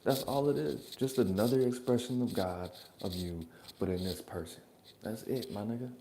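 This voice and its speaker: A man's voice: fairly low pitch, moderate pace, warm tone, a little hiss or hum. A man hosting a reaction channel, rambling through blunt, profane, joking advice in a casual monologue from his apartment.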